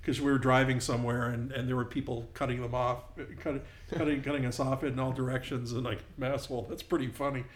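A man's voice: mid-range voice, level tone, fast talker. Male co-host, casual and rambling, mid-range voice, reverberant room. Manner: rambling, self-interrupting storyteller. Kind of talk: casual chat.

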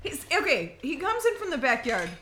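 Female co-host, animated joke-teller, bright and expressive, reverberant room. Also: high-pitched, moderate pace, a little hiss or hum. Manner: animated, joke-telling, acts out quotes. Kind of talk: casual chat.

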